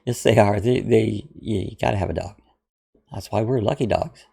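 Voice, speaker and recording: This Ohio man's voice is lowish, gravelly, mellow and husky, moving at a moderate pace. Going over viewer comments on his channel, he chats loosely and amiably, often saying "uh" and starting over.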